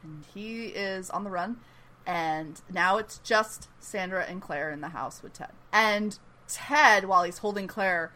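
A woman giving a casual, animated episode recap, chatty and full of "like" and "you know.". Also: medium pitch, unhurried. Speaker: podcast host recapping a TV episode. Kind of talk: casual chat.

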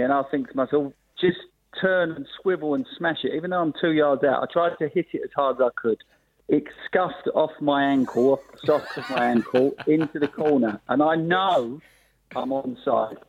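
A former footballer, a man, vividly recounting a goal from his own point of view. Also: medium pitch. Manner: vivid, animated storytelling. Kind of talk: recounting a match memory. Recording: tinny phone-line audio.

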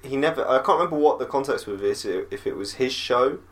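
A man's voice: medium pitch, animated, fairly quick. Hesitant man chatting on a podcast. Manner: hesitant, losing his thread. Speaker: podcast guest. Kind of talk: casual chat.

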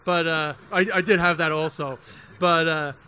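New guy, comedian, high bright voice, animated and jokey, telling stories live up on a rooftop. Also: normal speed, clear, resonant tone. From United States. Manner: animated, joking, acts out quotes. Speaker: comedian guest. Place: outdoor rooftop bar before a crowd.

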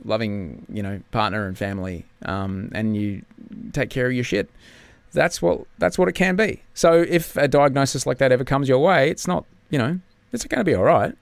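Man, candid and subdued, swinging pitch, dry sound. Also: gravelly, no room sound. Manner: candid, swearing, drops to a whisper at times. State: subdued, in pain after surgery. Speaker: podcast guest, TV host. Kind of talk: casual chat.

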